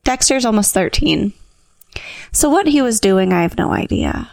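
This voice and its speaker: A young adult woman co-hosting a podcast, telling a story in casual chat, animated and laughing as she acts out what people said. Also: medium pitch, normal speed, vocal fry, no room sound. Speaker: podcast co-host.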